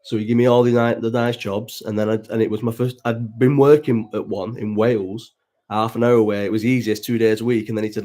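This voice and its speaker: A man's voice: lowish voice, level tone, fairly quick, mellow. A man in his thirties from Bolton with a Bolton accent, chatting casually and rambling on a watch-along stream, swearing freely and answering the chat. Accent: Bolton, Northern English. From Bolton, England. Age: 30s. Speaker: livestream host.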